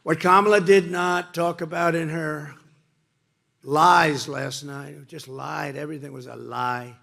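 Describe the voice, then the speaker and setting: A man addresses a rally from a podium microphone in a slightly high, gravelly voice. He repeats his phrases for emphasis and swings between loud, punchy lines and low, muttered asides. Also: fairly even intonation, measured pace. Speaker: political speaker at a rally. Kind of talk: rally speech. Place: campaign rally before a crowd.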